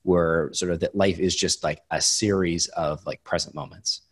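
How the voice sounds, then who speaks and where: A man's voice: low voice, fairly even intonation, normal speed, husky. A man in casual podcast conversation, talking reflectively with hesitations and restarts.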